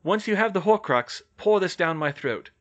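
A man reading aloud voices a calm, firm young curse breaker giving instructions. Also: sits high, moderate pace, muffled recording, voice pushed up.

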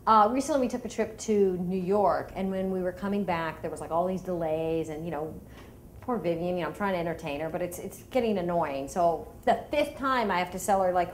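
A woman's voice: mid-range voice, a little fast. Indignant woman telling a comic story. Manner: animated, indignant, acts out the people in her story. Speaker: comedian. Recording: roomy echo with faint noise.

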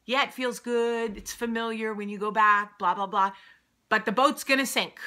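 A woman's voice: fairly high pitch, steady tone, normal speed, bright, forceful tone. A woman, hosting a casual, heartfelt video monologue in an earnest, emotional way. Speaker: vlog host.

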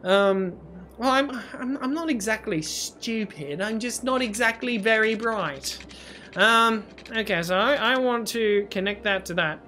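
A man's voice: high voice, a little slow, sharp tone. A man commenting on his own city-building game, rambling and self-mocking, slipping into silly sing-song and nonsense sounds. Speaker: gaming YouTuber. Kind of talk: let's-play commentary. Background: faint game music.

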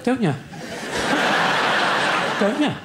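A high-voiced British comic works a big theatre crowd, his delivery bouncing up and down in pitch. He sounds cheeky and chatty, and tosses off quick mumbled asides. The live recording is full of loud audience laughter and hall ambience. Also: sing-song, very noisy. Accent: British English. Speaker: stand-up comedian. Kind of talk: live stand-up comedy. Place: large theatre stage.

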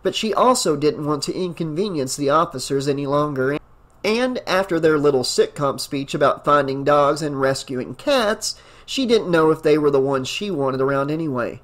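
A man narrating an audiobook and then chatting casually about it, his voice going hoarse, rambling and enthusiastic with lots of fillers. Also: a little high, moderate pace. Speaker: audiobook narrator and channel host.

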